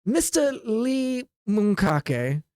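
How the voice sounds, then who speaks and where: A stern older dueling instructor, put on by a game master for a tabletop game. He talks in slow, clipped, formal phrases with a cool, superior air, at a middling pitch. The mic is close and dry, with no room in it. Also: sing-song, no echo, natural voice. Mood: condescending.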